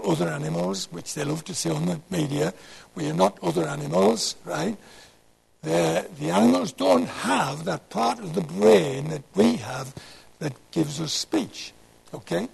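A man's voice: high-pitched, animated, measured pace, creaky, a little mellow, husky, low-quality recording. A man, giving a rambling sermon talk and asking the audience questions as he digresses. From North East England. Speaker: Christian speaker.

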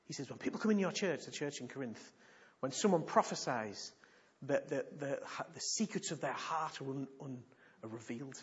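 Through a dull lo-fi recording comes a pastor's sermon teaching: a mid-range, slightly breathy male voice at ordinary pace, telling stories animatedly and stressing points by repeating them.

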